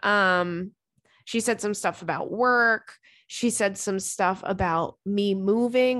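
A woman's voice: medium pitch, takes it slowly, fairly bright tone, dry recording, clean studio sound. A young woman hosting a podcast in casual chat, talking frankly and chattily and swearing freely. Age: young adult. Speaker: podcast host.

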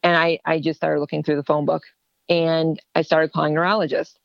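Female interview guest, lower register, animated storyteller, dry close recording. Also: brisk, creaky, no echo, lo-fi sound. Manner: animated, acts out quoted dialogue.

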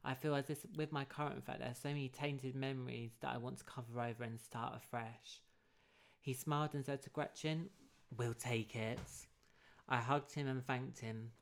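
A man's voice: mid-range voice, steady tone, fairly quick, gravelly. A man hosting a comedy podcast, reading a story aloud and breaking off into cheeky banter with swearing.

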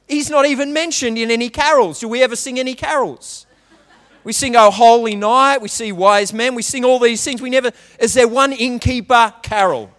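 Pastor preaching with a high voice. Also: male voice, steady tone, moderate pace, fairly bright tone, in a large hall. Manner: conversational, with frequent restarts and questions to the congregation. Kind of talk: sermon.

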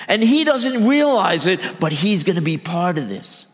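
A man, a church elder, preaching a sermon, swinging between loud emphatic bursts and low quiet asides. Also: sing-song, normal speed, hardly any pauses, big-room sound.

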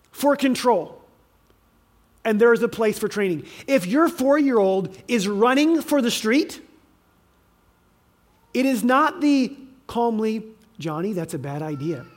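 A man preaching a sermon, with emphatic swings in volume and frequent restarts. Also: very high-pitched. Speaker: pastor.

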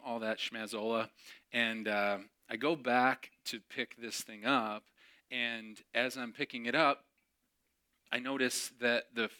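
Chatty storytelling man, bright voice. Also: medium pitch. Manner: chatty, self-mocking, acts out dialogue with laughs. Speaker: pastor. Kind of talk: sermon storytelling.

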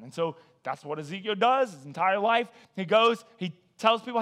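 Guy pastor, higher voice, chatty animated sermon w/ jokes. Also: moderate pace, hardly any pauses. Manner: animated, joking storyteller. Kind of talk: casual conversational sermon.

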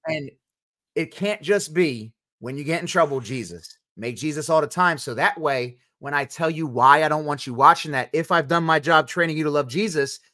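A man's voice: fairly high pitch, normal speed, pushed and bright. A man hosting a podcast, speaking in a frank, earnest way about himself. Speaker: podcast host. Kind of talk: casual podcast chat.

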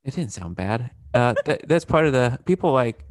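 A man's voice: medium pitch, expressive, normal speed, dry recording, studio quality. A man hosting a podcast in casual chat, rambling and swearing freely. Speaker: podcast host.

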